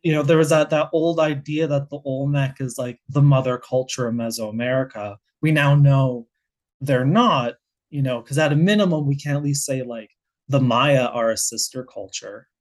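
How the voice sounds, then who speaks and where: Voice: medium pitch, normal speed, darkish tone. A guest researcher with an American accent explaining their field in casual conversation, thinking aloud with many restarts.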